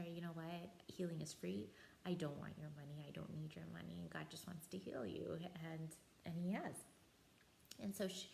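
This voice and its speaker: A woman evangelist telling a personal testimony in a relaxed storytelling way, with frequent fillers and soft laughs. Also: lowish voice, vocal fry, slight background noise. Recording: echoey room, faint ambience.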